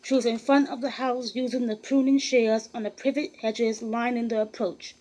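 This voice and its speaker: A woman reading a biography aloud in a steady, even storytelling manner with occasional restarts. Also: a little high, normal speed, poor audio. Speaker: narrator.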